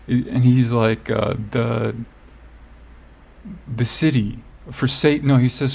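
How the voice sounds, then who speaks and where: A man's voice: medium pitch, wildly swooping pitch, extremely slow, vocal fry, pauses often, slightly rough. A man telling a story in casual chat. He rambles, fills his talk with "like" and swears now and then.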